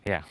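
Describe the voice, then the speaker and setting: A man with a Western Canadian accent hosting a casual live stream, chatty and loose, laughing often and swearing freely. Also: a little hiss or hum. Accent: Western Canadian English. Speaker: fitness live-stream host. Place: lives in Canada.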